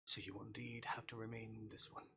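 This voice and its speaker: A man's voice: fairly low pitch, little pitch movement, quick pace, creaky, sharp tone, a little hiss or hum. A man voicing a remorseful male fae captor in whispered role-play, speaking formally and apologetically.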